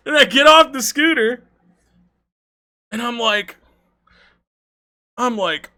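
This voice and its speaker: Young male streamer, high bright voice, lively casual storytelling, cursing freely. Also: takes it slowly, long pauses. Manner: animated, swearing, laughing often.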